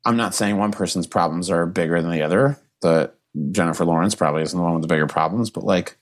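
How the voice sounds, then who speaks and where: A man with a low, deep voice chats as a comedian guest on a podcast. He talks earnestly and emotionally, stopping and restarting his sentences, leaning on fillers as he thinks aloud. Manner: halting, full of restarts and fillers. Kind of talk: casual podcast chat.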